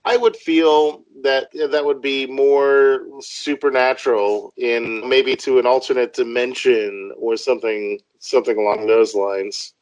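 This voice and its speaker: A jokey man chatting on a podcast, laughing often and wandering into asides. His voice sits at an ordinary pitch, recorded close and dry with almost no room sound. He talks loosely, in a relaxed, easygoing way. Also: unhurried, hardly any pauses, no echo, low-quality recording. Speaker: podcast co-host. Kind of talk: casual chat.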